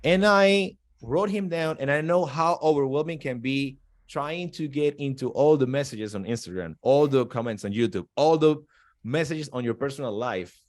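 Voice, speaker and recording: A man's voice: medium pitch, normal speed. Guy on a podcast, medium voice, earnest, lots of restarts. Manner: earnest, restarts phrases as he searches for words. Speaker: podcast guest, kettlebell instructor. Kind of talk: casual podcast chat.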